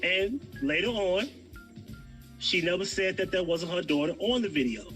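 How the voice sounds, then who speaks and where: Insistent man, higher tone, bright and forceful delivery. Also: expressive, normal speed, faint music behind, rough recording. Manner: insistent, pushing to finish his point. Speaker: guest arguing a theory. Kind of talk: heated debate on a livestream.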